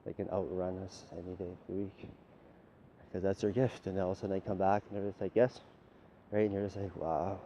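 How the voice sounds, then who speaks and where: A man's voice: deep voice, level tone, brisk, dark tone, slight background noise. A man delivering a rambling, profane, lecturing monologue straight at the listener. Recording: dull lo-fi recording with faint ambience.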